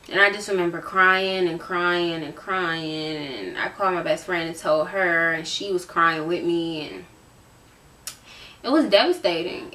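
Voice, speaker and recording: A woman's voice: fairly low pitch, a bit bright. A woman in her late teens from Virginia, talking candidly to camera in a casual, emotional storytime, often repeating herself for emphasis. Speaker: vlogger. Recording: roomy sound, voice from a distance.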